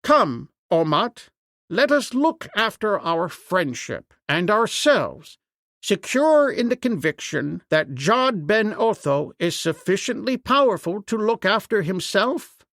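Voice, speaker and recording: A male audiobook narrator voicing a proud young jungle warrior in a lively, declaiming way. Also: high-pitched, slow, no echo, clean studio sound, pitched above the performer's own voice, heavily acted. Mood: earnest.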